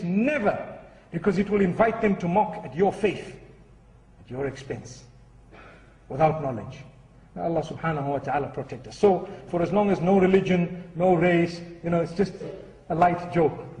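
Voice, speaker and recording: A man's voice: high voice, a little mellow. A man preaching a sermon and telling a humorous story in an earnest, storytelling way. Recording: echoey hall, far from the mic.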